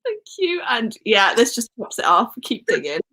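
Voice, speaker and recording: A young Welsh woman hosts a relaxed book livestream, chatty and quick to giggle. Her voice sits fairly high and swings up and down a lot. Her tone is bright and clear. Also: rough recording. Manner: giggly, chatty, reading out live comments. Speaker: book channel host. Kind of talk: casual livestream chat.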